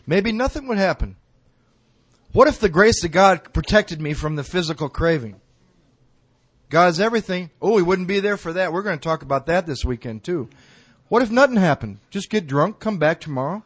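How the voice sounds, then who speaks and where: A man's voice: high voice, animated, moderate pace, breathy edge. A middle-aged man giving a recovery talk to an audience, telling stories in a colloquial, self-mocking way. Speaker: recovery speaker.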